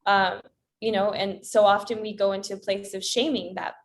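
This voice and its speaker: Woman, coach, podcast guest, calm, reflective, spiritual phrasing. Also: medium pitch, normal speed, slight background noise. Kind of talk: casual podcast conversation.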